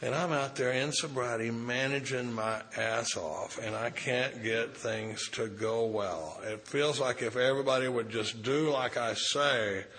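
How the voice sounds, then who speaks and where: A man's voice: mid-range voice, measured pace, few pauses, a bit bright. A man giving an informal, folksy talk at a recovery meeting, reading a passage and then riffing on it in blunt, salty language. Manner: folksy, profane, reads a passage then riffs on it. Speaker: recovery group speaker.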